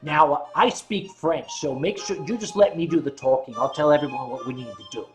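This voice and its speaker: A man's voice: on the high side, a little fast, faint music behind, voice pushed down, natural voice. A man voicing his tipsy, boastful boss with a thick Boston accent. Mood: bossy. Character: boastful tipsy male boss, loud and bossy.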